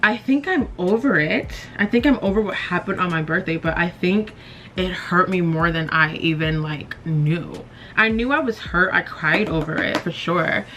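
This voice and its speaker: A young woman in her twenties talks openly as she does her makeup, rambling and circling back on herself with plenty of fillers. Her voice sits a little low, picked up on a camera mic in her bedroom with a faint hum of room ambience behind her. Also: moderate pace, fairly bright tone. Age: 20s. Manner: candid and rambling, many fillers. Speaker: beauty vlogger. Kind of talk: casual chat while doing makeup.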